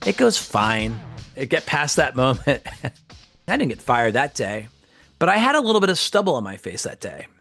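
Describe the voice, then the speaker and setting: A man's voice: normal speed, faint music behind. A man, an actor and comedian, telling a story casually and acting out the quotes with big jumps in his voice. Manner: animated, acts out quotes with big pitch jumps.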